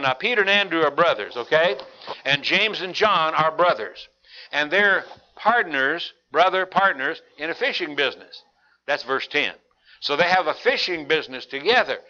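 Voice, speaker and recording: A man's voice: a little high, bright, forceful tone. A man who preaches a Bible study in a folksy, conversational way, often repeating and restarting phrases. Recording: dull lo-fi recording.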